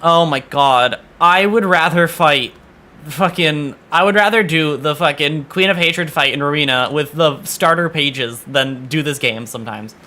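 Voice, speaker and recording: Bright-voiced, exasperated young streamer guy. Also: a little high, a little slow. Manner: exasperated, swearing, stammering restarts. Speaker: VTuber streamer. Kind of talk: casual gaming stream chat.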